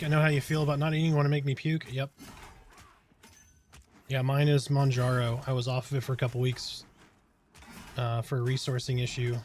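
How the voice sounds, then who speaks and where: A man's voice: mid-range voice, slight background noise. Laid-back man chatting on a game stream. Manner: relaxed, chatty, reads and answers chat while focused on the game. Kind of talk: casual live-stream chat while playing.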